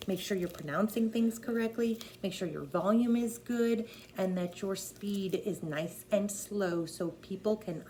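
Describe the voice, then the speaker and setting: A woman's voice: medium pitch, a little mellow, a little hiss or hum. A woman working as a drama teacher, coaching an actor on a part with emphatic, repeated instructions. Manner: emphatic, repeats key points.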